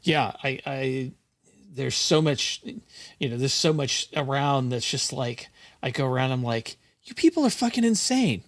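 A man's voice: mid-range voice, steady tone, a little slow, fairly bright tone, dry recording. A man guest on a podcast, rambling with hesitant restarts and getting exasperated. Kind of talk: casual podcast chat.

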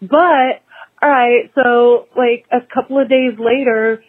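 A woman's voice: a little high, steady tone, takes it slowly. A woman leaving a voicemail, telling a meandering story in a chatty way with frank asides. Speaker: voicemail caller. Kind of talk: rambling phoned-in story. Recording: tinny phone line.

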